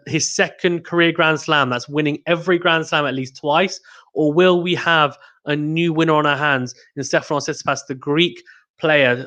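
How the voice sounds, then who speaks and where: A man hosting a live tennis watchalong stream, giving excitable play-by-play commentary and reading out viewer chat. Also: a little high, highs cut off. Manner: excitable, rising to exclamations on big points; reads out chat messages to viewers.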